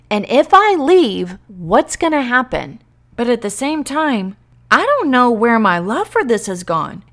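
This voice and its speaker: A woman hosting a podcast, talking earnestly and emotionally straight to her listeners in a heartfelt, faith-based way. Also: medium pitch. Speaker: podcast host and teacher coach.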